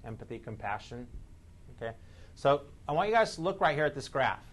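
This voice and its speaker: A man leading a live sales training seminar, energetic, quizzing the audience and shifting his speed and loudness for emphasis. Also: mid-range voice, fairly quick.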